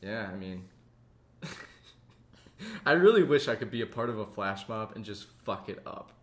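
A man co-hosting a comedy podcast, chatting casually, swearing freely and quick to laugh. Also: on the low side, big pitch swings, roomy sound. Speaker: podcast co-host.

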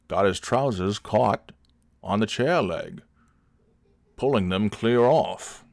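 A man hosting a comedy show, telling a crude story deadpan and chatting casually with profanity. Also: lowish voice, dry recording, clean studio sound.

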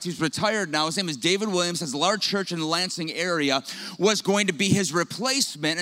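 Man, young, pastor, sermon, high pitch, bright tone, humorous storytelling. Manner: conversational storytelling with humor, lively asides.

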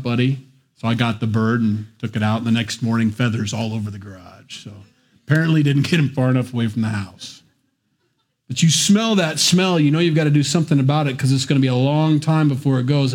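A man's voice: medium pitch, darkish tone, breathy edge. Joking, conversational male preacher. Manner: conversational, joking asides between scripture reading. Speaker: pastor. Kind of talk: sermon.

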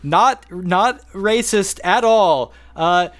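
A man's voice: sits high, very slow, a bit bright. A man co-hosting a podcast and running a quiz, talking casually and drawing out names like an announcer, laughing often. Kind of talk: casual chat.

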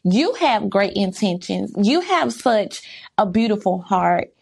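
A woman's voice: medium pitch, big pitch swings, slow, vocal fry, a little mellow, husky. A woman vlogging in casual monologue, emphatic and candid, firing off rhetorical questions. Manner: candid, reflective, faith-centered. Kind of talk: casual talking-to-camera monologue.

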